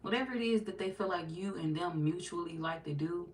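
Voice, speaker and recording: A woman's voice: on the low side, brisk, a little hiss or hum. A woman giving a casual, chatty tarot reading to her viewers, laughing often and slipping into playful quoted voices. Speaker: tarot reader.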